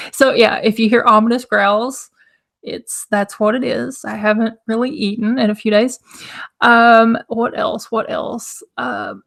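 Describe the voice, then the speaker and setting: A young woman hosting a casual live stream, her throat hoarse and scratchy, chatting loosely and greeting viewers in the chat. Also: a little high. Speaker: livestream host.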